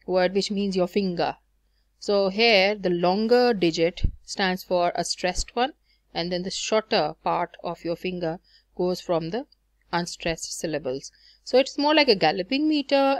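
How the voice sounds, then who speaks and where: A woman's voice: on the low side, no echo, clean studio sound. A woman teaching a lesson on poetic meter, explaining patiently with frequent fillers and self-corrections. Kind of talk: recorded lecture on poetry.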